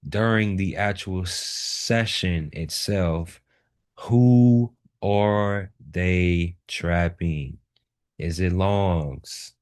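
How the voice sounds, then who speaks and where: Brief: low-pitched male instructor, unhurried delivery, repeats words for emphasis. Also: a little mellow. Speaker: trading instructor. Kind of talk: live chart walkthrough lesson.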